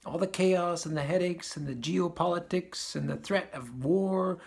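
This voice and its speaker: A man's voice: high voice, normal speed, gravelly. A man giving a casual spiritual talk as a teacher, often restarting phrases and chuckling at his own points.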